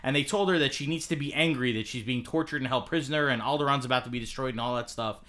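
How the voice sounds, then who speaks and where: Relaxed man chatting on a podcast. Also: mid-range voice, fast talker. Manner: relaxed, rambling, many fillers. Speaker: podcast co-host. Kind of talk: casual chat.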